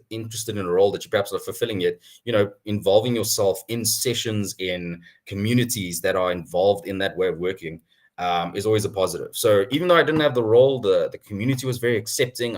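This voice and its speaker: A young man telling his career story at an online town hall in an animated way, chuckling often. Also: on the low side. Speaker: guest speaker.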